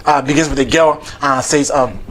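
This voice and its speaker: A man's voice: medium pitch, steady tone, normal speed, fairly bright tone. A comedian host delivering a playful comic monologue and often laughing through his lines. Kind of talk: stand-up style comic monologue.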